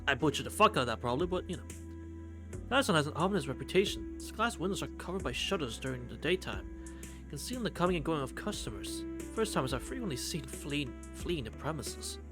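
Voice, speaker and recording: A man's voice: a little high, very animated, fast talker. A man live-streaming a game, reading its text aloud and chatting, swearing freely. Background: game music.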